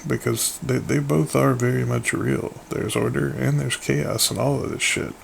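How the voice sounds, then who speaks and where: A man's voice: medium pitch, steady tone, normal speed, gravelly, a little hiss or hum. A man hosting a podcast, talking in a rambling, loose way and swearing freely as he muses aloud. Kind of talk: casual chat.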